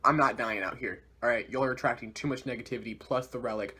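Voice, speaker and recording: A brisk, no-nonsense old blind woman who hurries everyone along in folksy slang, as a man puts her on. Her voice sits a little lower and softer than the speaker's usual talk. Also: steady tone, slightly rough. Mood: urgent.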